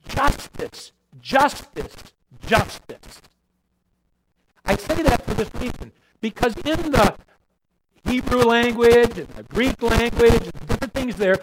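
A man preaching a sermon, swinging between loud emphatic repetition and low quiet asides. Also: a little hiss or hum, poor audio.

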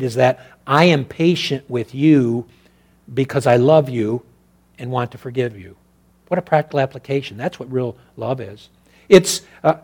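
A man preaching a sermon in a repetitive, rhythmic cadence, dropping to hushed low asides and then rising to loud exhortation. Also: gravelly. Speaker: pastor.

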